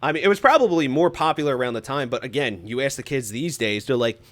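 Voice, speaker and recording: A man's voice: medium pitch, expressive, fast talker. A man co-hosting a casual podcast, quizzing the others with movie quotes in a wry way. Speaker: podcast co-host. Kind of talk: casual chat.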